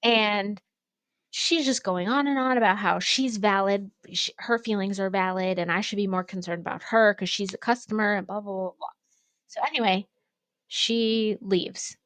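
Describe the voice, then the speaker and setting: A young woman co-hosting a podcast, telling a story in a casual, animated way, acting out quotes and using lots of fillers. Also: medium pitch, normal speed, no echo. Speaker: podcast co-host, ceramics studio owner.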